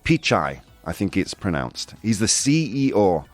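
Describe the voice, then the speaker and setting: A man's voice: fairly low pitch, very animated, moderate pace, darkish tone, soft background music. A man hosting a casual live-streamed news chat, jokey and chatty, laughing often between points. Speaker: show host.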